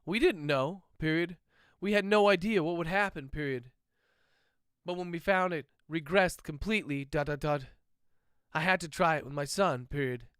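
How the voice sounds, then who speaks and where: A desperate, grieving father confesses in halting bursts, his voice climbing with distress, as a man puts him on while reading his story aloud. The tone is smooth and resonant, and sits a little high for a man. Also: a bit bright, no echo, studio quality, close to an everyday voice. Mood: anguished.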